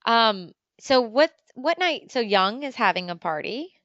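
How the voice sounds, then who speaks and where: Smooth-voiced chatty woman podcast host. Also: a little high, lively intonation, fairly bright tone, no echo, dull audio. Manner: chatty, teasing, quick bursts of talk. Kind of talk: casual chat.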